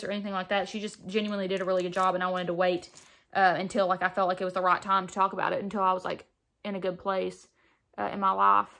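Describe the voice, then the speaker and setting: A woman's voice: mid-range voice, fairly bright tone. Chatty young woman doing her makeup. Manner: chatty, filler-heavy, candid and confiding. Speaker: beauty vlogger. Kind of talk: casual get-ready-with-me chat. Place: indoors at home, doing makeup on camera.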